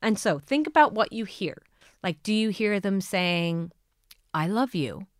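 A woman's voice: mid-range voice, expressive, unhurried, clean tone, dry recording, studio quality. A woman hosting a podcast, giving earnest coaching on manifesting love and asking listeners many questions. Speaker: podcast host.

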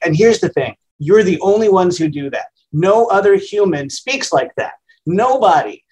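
A man's voice: fairly high pitch, lively intonation, normal speed, poor audio. A man in his fifties, a radio host, answering interview questions in a plainspoken, conversational, self-deprecating way. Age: 50s.

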